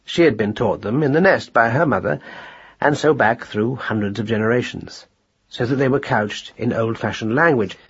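A man narrating a storybook in a measured, gently wry telling. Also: mid-range voice, breathy edge, dull audio. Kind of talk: audiobook narration.

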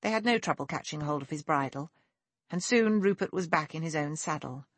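A woman narrating a period novel in a measured, even storytelling manner, recorded on a close mic. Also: low-pitched, no room sound. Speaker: audiobook narrator. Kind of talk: scripted narration.

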